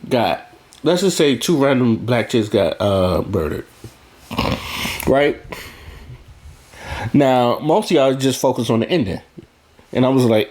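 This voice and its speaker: A man's voice: mid-range voice, darkish tone. A man talking bluntly in a casual monologue, profane and rambling, restarting his sentences as he goes. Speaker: vlogger.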